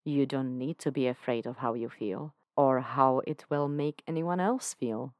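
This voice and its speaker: A seductive male devil, read by a woman, low-pitched and unhurried. He coaxes in a smooth, intimate murmur. The sound is dry and close, with no room around it. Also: a little mellow, no echo. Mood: tender.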